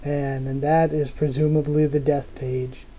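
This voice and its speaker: Young man reacting casually, mellow voice. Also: a little high, flat delivery, a little slow, low-quality recording. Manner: casual, reacts in short remarks between read passages. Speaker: channel host. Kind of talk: live reading and reaction.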